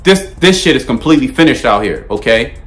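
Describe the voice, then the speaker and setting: A man's voice: medium pitch, expressive, a little fast, soft background music. A man preaching a fiery, blunt sermon, repeating himself and checking in constantly with "okay?" and "all right?". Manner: emphatic, repetitive, peppered with "okay?" and "all right?"; frequent stammered restarts, blunt and profane.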